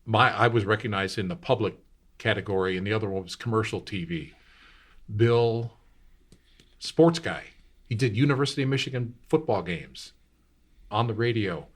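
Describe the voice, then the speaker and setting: A man's voice: lowish voice, moderate pace, long pauses. A man in his sixties, a radio host, telling long rambling anecdotes in casual talk. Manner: rambling anecdotal, acts out quotes. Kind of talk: casual storytelling.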